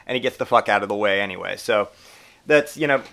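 A man's voice: on the low side, quick pace, vocal fry. Profane rambling podcast host, man. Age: adult parent who grew up in the eighties. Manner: profane, rambling and animated, with mock voices for quotes. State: getting over a cold, coughing. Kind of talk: casual comedic monologue.

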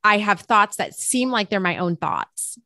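A woman guest tells a personal story with a bright, forceful voice. She shifts into the voices of the people she quotes. The room is dry and close. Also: medium pitch, measured pace, no echo. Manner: expressive, acts out quoted dialogue. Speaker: interview guest and author; teacher.

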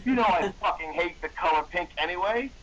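A man's voice: sits high, expressive, fairly quick, a bit bright, muffled recording. A man reading the snappy, outraged lines of a bratty teenage goth girl. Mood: snapping. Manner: snapping, exaggerated teen outrage.

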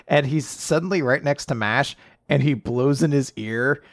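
A man co-hosting a casual chat, recapping a comic chapter and acting out the characters in quick voices. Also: medium pitch, no room sound, studio quality. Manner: animated retelling, acts out characters in quick voices. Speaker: podcast co-host.

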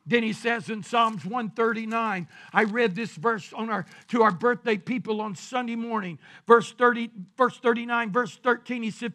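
A man preaching a sermon as pastor, shouting his points and drawing out scripture verses slowly. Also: very high voice. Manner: preaching with shouted emphasis and drawn-out scripture reading.

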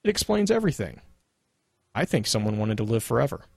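A man's voice: mid-range voice, very animated, fairly quick, gravelly, darkish tone, slightly rough, no echo, clean studio sound, heavily acted. A man reading aloud as a smug, condescending male robot soldier who lectures sardonically. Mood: sardonic lecturing. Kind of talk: dramatic lore reading.

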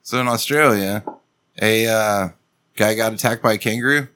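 Man, casual banter, storytelling, dry crude humor, bright voice. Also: fairly low pitch, normal speed.

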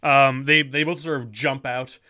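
A man's voice: mid-range voice, steady tone, measured pace, sharp tone. A man narrating as game master of a tabletop game, hesitant, with many ums and restarts.

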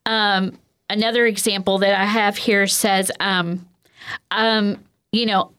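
A woman's voice: mid-range voice, little pitch movement, slow pace, fairly bright tone, clear, resonant tone. A woman counselor explaining communication skills in a conversational way, with frequent "um" and "you know". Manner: conversational, filler-heavy, with lots of "um" and "you know". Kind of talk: explanatory interview talk.

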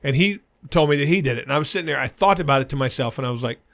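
A middle-aged man on a podcast, telling crude, animated anecdotes with lots of swearing. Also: medium pitch, fast talker, vocal fry, hardly any pauses. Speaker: podcast co-host. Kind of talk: casual chat, storytelling.

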